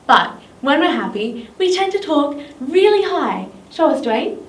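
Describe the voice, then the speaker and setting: A woman's voice: sits high, very animated, unhurried. A woman with an Australian accent leading a children's drama lesson in an encouraging, sing-song teacher voice. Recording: echoey room, mic at a distance, faint noise.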